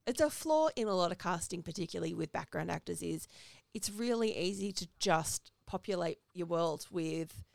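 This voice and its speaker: A woman talks through a movie's plot in a relaxed, chatty podcast conversation. Her voice sits fairly low with a gravelly edge. The sound is dry and close. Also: normal speed, no room sound. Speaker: podcast co-host. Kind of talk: casual movie discussion.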